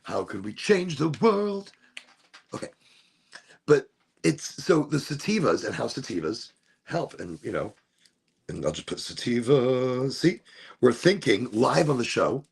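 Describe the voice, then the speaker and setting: A man's voice: mid-range voice, sing-song, a little slow, gravelly, long pauses, breathy edge. A man hosting a talk show, thinking aloud in a rambling, philosophical way and often repeating and restarting his phrases. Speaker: show host. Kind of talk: reflective solo talk show monologue.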